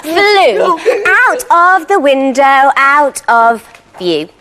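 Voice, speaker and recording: A British woman presenting on children's TV, narrating a rhyming story in an expressive, sing-song way. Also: high voice, extremely slow, very noisy.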